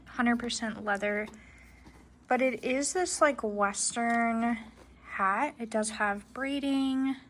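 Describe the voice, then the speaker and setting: A young woman casually vlogging about her reselling business, chatty and full of fillers as she shows items to the camera. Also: fairly high pitch. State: a little out of breath. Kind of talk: casual vlog narration.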